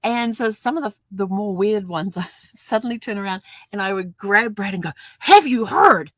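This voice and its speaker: A woman's voice: mid-range voice, steady tone, a little fast, a bit bright, no room sound. An older woman chatting casually to camera at home, laughing often and acting out little dialogues as she tells stories. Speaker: vlogger. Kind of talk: casual storytelling vlog.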